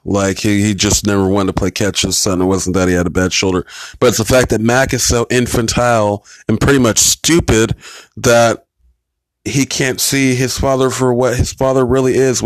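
A man's voice: mid-range voice, moderate pace. A man with an ordinary mid-range voice talks loosely through a TV episode, blunt and profane as he recaps the scenes. His voice sounds dry and close, with no room echo. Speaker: TV episode reviewer. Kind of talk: casual rambling commentary.

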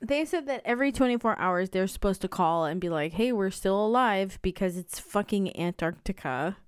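A woman's voice: medium pitch, expressive, moderate pace, clear, resonant tone, no echo, studio quality. A woman co-hosting a podcast, filling in story details in casual chat, often saying "like". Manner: explanatory, fills in details, uses "like" often. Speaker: podcast co-host.

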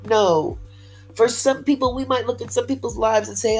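A woman's voice: a little high, animated, moderate pace, a little mellow, slightly rough, faint music behind, rough recording. Peppy woman giving a faith-based pep talk. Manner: peppy and upbeat, repeats phrases for emphasis. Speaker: motivational speaker.

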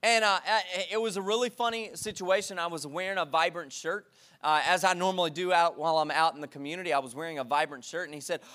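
A man preaching a sermon in a church, energetic and repetitive, calling for responses from the congregation. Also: on the high side, fast. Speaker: pastor. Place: church sanctuary.

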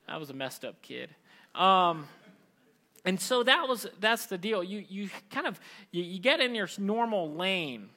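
A man preaching a sermon in a conversational, lively way, often slipping into mimicked voices. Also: sits high, normal speed.

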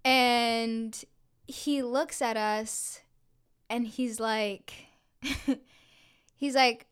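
Young woman podcast host, kinda high smooth voice, swears a ton, says "like" constantly while acting out the story. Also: drawn-out words, long pauses. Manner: animated, swears a lot, acts out quotes with filler "like". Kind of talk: casual storytelling chat.

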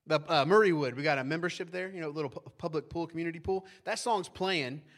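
A pastor, a man with a fairly high voice, gives a live sermon. He talks in a loose, conversational way and keeps asking the people in front of him "right?". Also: quick pace.

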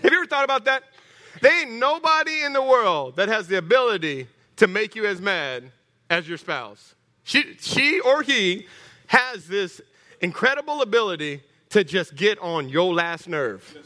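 A man preaches with a high, bright voice, joking and rallying his congregation. His words ring out with long reverb in a church hall. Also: moderate pace. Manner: animated, humorous, rallying the congregation. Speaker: pastor. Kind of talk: sermon.

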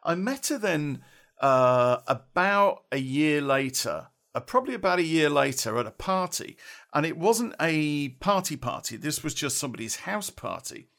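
Middle-aged male storyteller, slightly high voice, rambling and chuckly, salty slang, casual podcast delivery. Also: animated, moderate pace, vocal fry, fairly bright tone.

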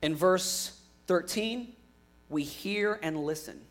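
Earnest man preaching, higher-pitched voice. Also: slow pace. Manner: earnest, swings from emphatic to quiet and hushed. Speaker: pastor. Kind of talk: sermon.

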